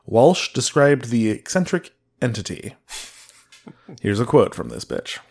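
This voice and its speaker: A man's voice: mid-range voice, sing-song, a little slow, creaky, a little mellow, slightly rough. A man hosting a podcast who reads case notes aloud in casual chat, laughing and joking between lines. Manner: laughs while reading, jokey asides. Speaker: podcast host reading the case.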